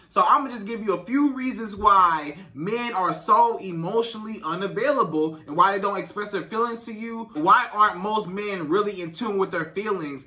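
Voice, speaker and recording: A man's voice: high voice, bright, forceful tone, distant mic. A man, giving relationship advice in a vlog and talking straight to women in an emphatic, conversational way with lots of repetition. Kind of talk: direct-to-camera advice vlog.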